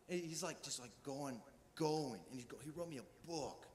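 A young man preaching a lively, casual sermon on stage, joking, laughing and acting out voices. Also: fairly high pitch, normal speed, slight background noise. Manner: casual and jokey, with acted-out inner voices and frequent laughs. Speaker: pastor. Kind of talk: energetic sermon. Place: church stage before a live audience. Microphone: handheld stage mic. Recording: long reverb of a church hall.

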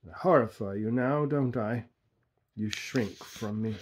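A man voicing a blinded, disfigured man who speaks in a soft, pleading murmur, tender and bitter. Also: lowish voice, unhurried, a little hiss or hum, lightly acted.

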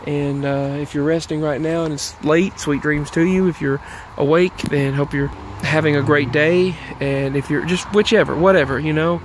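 Male vlogger, slightly high-pitched, winded and meandering, faint vehicle hum behind. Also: little pitch movement, normal speed. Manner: meandering, repeats himself, earnest. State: out of breath. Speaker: YouTube vlogger. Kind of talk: rambling casual monologue.

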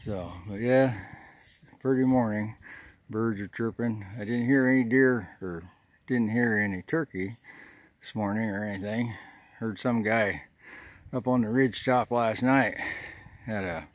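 A man's voice: fairly low pitch, unhurried, long pauses, no echo. A man, rambling and folksy as he vlogs outdoors on a ridge trail, short of breath from the climb. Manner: rambling, folksy, thinking aloud. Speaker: hiking vlogger. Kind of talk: casual vlog narration while hiking.

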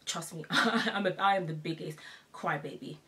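Chatty young woman vlogger, low-pitched. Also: moderate pace, pushed and bright. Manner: chatty, laughs often, repeats "trust me". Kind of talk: casual to-camera chat.

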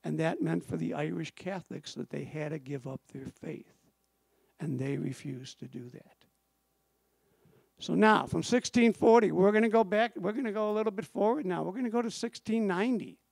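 A man's voice: high-pitched, normal speed, creaky, darkish tone, husky, no room sound. A middle-aged man, an author and storyteller, giving an emphatic live history talk to an audience and repeating phrases for effect.

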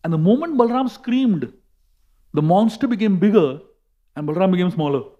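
A man with an Indian English accent giving a sermon, telling a story in a lively way with emphatic repetition. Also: high voice, a little fast, dull audio. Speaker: monk and speaker.

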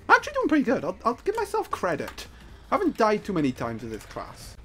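A gameplay commentator, joking and excitable, breaking into playful sing-song asides as they play. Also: medium pitch, fast, soft background music.

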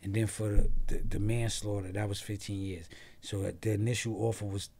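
Animated New man telling a story. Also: fairly low pitch, brisk, a little hiss or hum. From New York. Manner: animated storyteller who acts out quoted voices, swears freely; trails off and restarts mid-sentence. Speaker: podcast guest. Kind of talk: casual storytelling interview.

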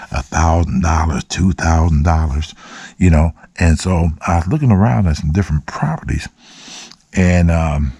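A man's voice: low-pitched, darkish tone, slightly rough, no room sound. A man telling a long, profane personal story in a casual vlog, often voicing quotes. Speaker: vlogger. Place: dark room.

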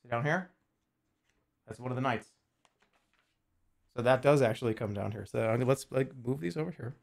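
A man's voice: mid-range voice, moderate pace, gravelly. A man streaming casually, joking and swearing freely, arguing with his chat and muttering while he works on a jigsaw puzzle.

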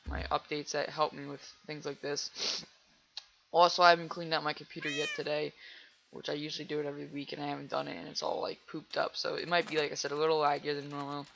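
A man giving casual let's play commentary while he plays, rambling chattily with lots of fillers and breaking into loud excited reactions to the game. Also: a little high, creaky, noisy background. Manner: rambling and chatty, full of "like" and "you know".

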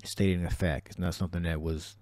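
Man preaching on scripture, low mellow voice, dry sound, loose and repetitive. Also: little pitch movement, a little fast, no room sound. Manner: repetitive, restarts, scripture-heavy. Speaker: religious teacher. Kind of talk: preaching commentary on a video.

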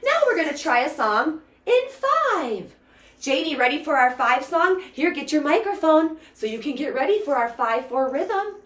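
Music teacher for toddlers, bright high sing-song woman, roomy echo. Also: big pitch swings, normal speed. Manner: bouncy sing-song counting and chanting. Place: indoor room, sitting on floor.

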